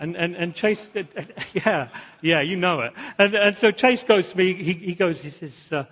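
A pastor preaching a sermon, animated, repeating phrases and asking the congregation questions. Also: male voice, sits high, moderate pace, lo-fi sound. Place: church.

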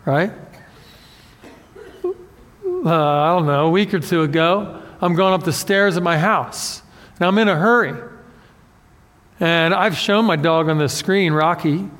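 A man preaching a conversational sermon as pastor, animated and self-deprecating, often acting out what people say. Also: a little high, measured pace, pauses often, in a large hall.

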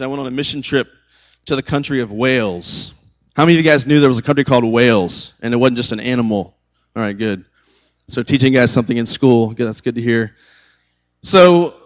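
A man's voice: a little high, poor audio. A young man with a slightly raised voice teaches a Bible study to a youth group. His tone is conversational and storytelling, and he often uses filler words like "like" and "um.". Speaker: youth pastor.

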